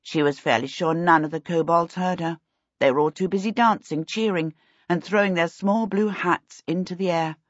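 Husky woman reading a storybook. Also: lowish voice, moderate pace, dry recording. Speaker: audiobook narrator. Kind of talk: scripted storybook narration. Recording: dull lo-fi recording.

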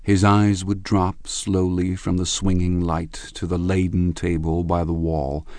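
Deep-voiced man narrating an audiobook. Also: no room sound. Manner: measured, even storytelling delivery.

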